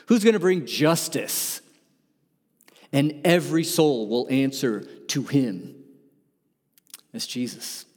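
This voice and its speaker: A pastor preaching a sermon, swinging from loud, emphatic lines to soft, hushed ones. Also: male voice, fairly high pitch, long reverb tail.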